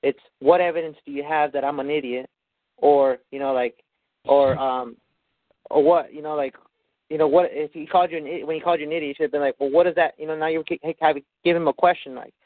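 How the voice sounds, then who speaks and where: A man's voice: on the high side, fairly even intonation, fast talker, dry recording. A man chatting casually on a call, rambling with lots of "like" and "you know". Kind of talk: casual phone chat. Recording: tinny dry phone line.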